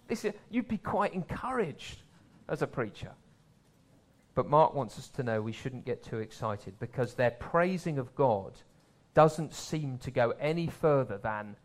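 A man preaching a sermon in a conversational way, swelling louder for emphasis and dropping low for asides. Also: animated, moderate pace.

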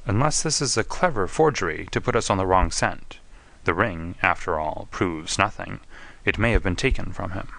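A man reading an audiobook, voicing a keen, precise detective who reasons aloud in a crisp, deliberate manner. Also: sits low, a bit bright, dry recording, full character voice. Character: keen, precise male detective, middle-aged.

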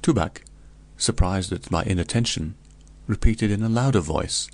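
A man reading a gothic tale aloud in the first person, in a measured, solemn way. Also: fairly low pitch, a little mellow. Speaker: audiobook narrator.

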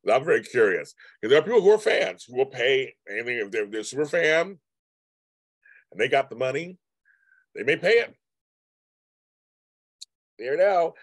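A man's voice: medium pitch, big pitch swings, normal speed, long pauses, no echo. Guy rambling on his livestream, chatty and repetitive, talking to the chat, dry room, mid voice. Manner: rambling, repeats himself, chatty asides to viewers. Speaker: livestream host. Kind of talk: casual live-stream chat reading viewer comments.

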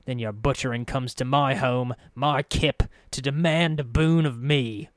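A man's voice: medium pitch, fairly even intonation, measured pace, no echo, studio quality, voice pushed up, lightly acted. A man voicing an angry male gang boss who speaks in heated, bitter outbursts. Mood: furious.

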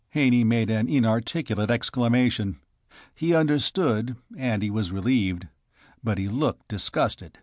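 Scripted audiobook narration from a man, read in a steady, measured way. His pitch is medium, and the recording is dry with clean studio sound.

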